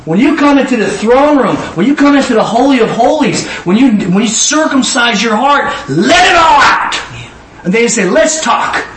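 A middle-aged man giving informal Bible teaching, swinging from low musing to high emotional exclamations. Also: expressive, a little fast, hardly any pauses. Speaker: preacher. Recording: echoey room, mic at a distance, faint ambient noise.

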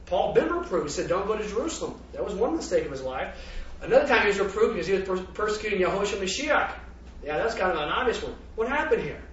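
A man preaching a sermon, animated and laughing, throwing rhetorical questions at his congregation. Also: high voice, a little hiss or hum. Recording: roomy, dull, distant from the mic.

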